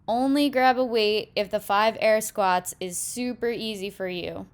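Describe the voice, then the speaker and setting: A woman's voice: mid-range voice, unhurried, clear, resonant tone, dry recording. A young woman teaching a home workout, explaining each move step by step as she demonstrates it. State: out of breath at times. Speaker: fitness teacher. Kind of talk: workout instruction.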